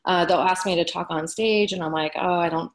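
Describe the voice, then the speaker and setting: A woman on a group coaching call, speaking frankly and self-critically, a little halting. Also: fairly low pitch, steady tone. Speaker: caller sharing in a coaching session. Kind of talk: candid personal sharing.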